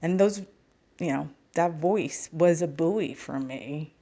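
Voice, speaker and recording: A woman's voice: low voice, takes it slowly, warm tone. A middle-aged woman telling a personal story as a podcast guest, candid and wry, with self-mocking humor. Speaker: podcast guest, spiritual healer.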